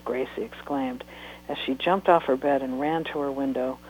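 A woman author reading a chapter of her book aloud in steady, unhurried narration. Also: low-pitched, a little hiss or hum, rough recording.

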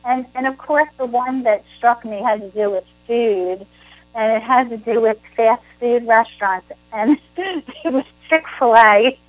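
A woman host with a New Jersey accent chats in a lively, animated way. Her voice sits a little high for a woman. The sound is dry and close. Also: a little slow, dry recording, narrow, tinny audio. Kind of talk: casual chat.

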